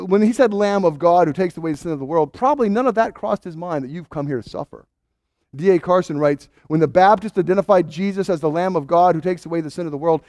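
A man preaching a sermon in a high, very lively voice that swoops up and down. He acts out doubting voices as he goes, with quick restarts. The sound is dry and close. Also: no room sound. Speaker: pastor.

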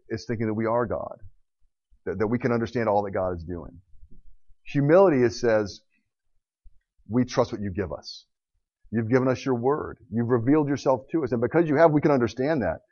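A man's voice: on the low side, darkish tone, no room sound. A man preaching a sermon in an impassioned, emphatic way, often repeating words, on a dull, lo-fi recording.

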